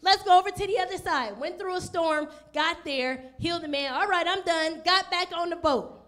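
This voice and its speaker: A woman with a high voice preaches a sermon as pastor. She speaks straight to her listeners with questions. She brings the story to life by putting on the voices of its people. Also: moderate pace, a bit bright. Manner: direct questions to the congregation.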